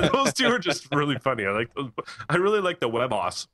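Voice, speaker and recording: A man co-hosting a casual podcast, telling animated stories and laughing often. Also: on the high side, moderate pace. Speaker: podcast co-host. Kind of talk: casual chat, storytelling. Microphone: headset or desk mic in a live-streamed podcast.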